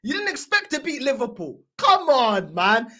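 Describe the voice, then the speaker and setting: A woman hosting a football reaction video, teasing and joking in heavy slang and laughing often. Her voice sits fairly high and swings widely in pitch as she gets animated. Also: moderate pace. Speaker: host of a football reaction channel. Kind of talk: casual fan reaction commentary.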